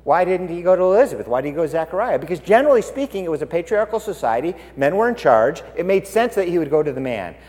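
A man preaching a sermon, animated and swinging between loud and hushed. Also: a little high, quick pace, few pauses, long reverb tail.

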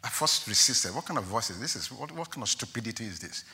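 A man preaching a sermon as a pastor, animated and exclaiming as he tells stories, often laughing. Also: on the low side, fast talker, vocal fry. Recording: long hall reverb.

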